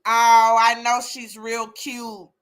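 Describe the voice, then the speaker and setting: A woman's voice: a little high, monotone, slow pace, a bit bright, clear, resonant tone. A woman hosting a casual live chat, exclaiming and talking to listeners by name. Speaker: host of a live chat room.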